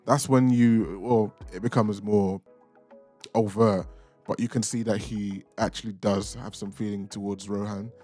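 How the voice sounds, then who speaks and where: A man's voice: on the low side, fairly even intonation, unhurried, dark tone. Young male host, casual, opinionated, teasing delivery over light background music. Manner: chatty, opinionated, playfully insulting. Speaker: reaction channel host. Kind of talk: casual ranking commentary.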